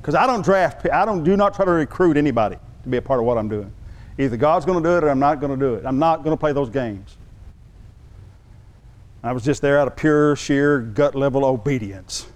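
A man preaching a sermon as pastor, telling a story in an animated way and acting out the voices he quotes. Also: medium pitch, a little fast.

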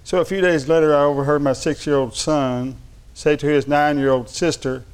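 A man's voice: on the high side, fairly even intonation, moderate pace, clear, resonant tone. A man preaching a sermon, reading funny anecdotes aloud and laughing along, then turning earnest. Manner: shifts between light storytelling and earnest preaching.

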